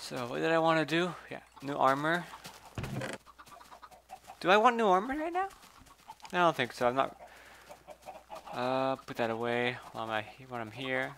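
A man's voice: medium pitch, lively intonation, moderate pace, vocal fry, long pauses, fairly bright tone, a little hiss or hum. A man giving casual gameplay commentary, chatty, swearing, and talking to the animals in the game. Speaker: gameplay video host.

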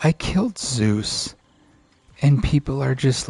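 A man's voice: medium pitch, animated, measured pace, vocal fry, a little mellow, dry recording. A man who is a father, giving profane, frustrated let's play commentary as he rants at the game. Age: adult father. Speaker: gaming channel host.

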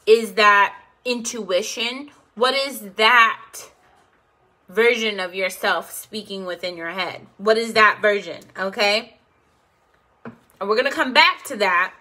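A woman teaching a meditation class, talking slowly and checking in with listeners by asking "okay?" again and again. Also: medium pitch, bright, forceful tone. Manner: slow, repeats "okay?" to check in.

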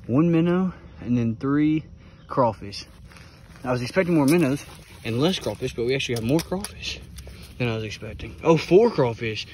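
A man's voice: medium pitch, darkish tone, a little hiss or hum. A man, out of breath, chatting casually to viewers while vlogging outdoors by a creek. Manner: chatty, talks to viewers while riding and hiking.

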